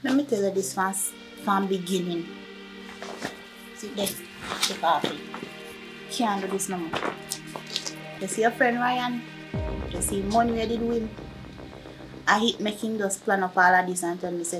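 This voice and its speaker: A woman's voice: mid-range voice, close to an everyday voice, rough recording. A woman with a Jamaican accent playing a remorseful young woman who confesses a deception and begs forgiveness. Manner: pleading, apologetic. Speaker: actor in a film. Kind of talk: low-budget film acting.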